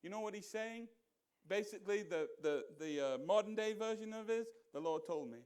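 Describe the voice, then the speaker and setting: A man's voice: a little fast, darkish tone, clear, resonant tone. A male pastor preaching a sermon in a church, talking conversationally and throwing rhetorical questions at the congregation. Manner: acts out quoted voices in a low mutter. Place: church sanctuary.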